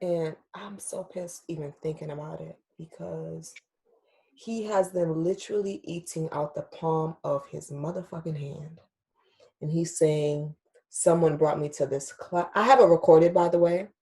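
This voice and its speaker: A woman's voice: sits low, fairly even intonation, a little slow, creaky, warm tone. A young adult woman hosting a podcast, telling a personal story in casual chat, candid and emotional, swearing freely and talking straight to her listeners. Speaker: podcast host.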